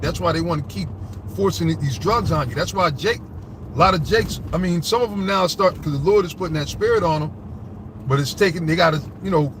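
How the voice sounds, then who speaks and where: A man preaching fervently from scripture, rambling and swearing and often asking his listeners "all right?" He reads the verses slowly and gets louder and higher when agitated. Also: background noise. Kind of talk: fiery street-style scripture commentary.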